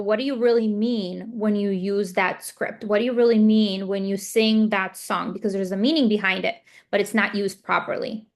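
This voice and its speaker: A woman speech therapist giving a parent training talk over a video call, explaining with example scenarios and frequent fillers. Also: medium pitch.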